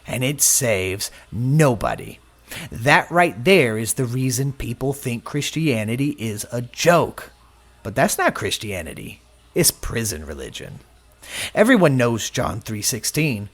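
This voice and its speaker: Animated male preacher with lively pitch. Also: unhurried. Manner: personal testimony, acts out quoted voices. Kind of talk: sermon.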